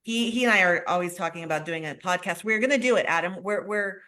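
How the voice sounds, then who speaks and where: A woman's voice: lowish voice, fast talker, sharp tone. Effusive woman hosting a live call. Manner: enthusiastic, effusive. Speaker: host. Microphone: video call.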